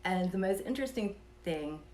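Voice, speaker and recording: A woman telling a personal story in a casual, soft-spoken way, sometimes dropping to a whisper and chuckling between thoughts. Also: mid-range voice, lively intonation, normal speed, slight background noise. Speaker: vlogger telling a personal experience.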